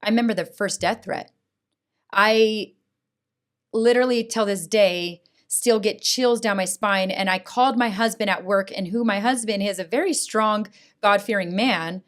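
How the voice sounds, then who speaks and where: A middle-aged woman, a guest on a podcast, telling a heartfelt personal story in an earnest, animated way and often asking "right?". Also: mid-range voice, moderate pace. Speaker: school board president, guest. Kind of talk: emotional personal testimony in a podcast interview.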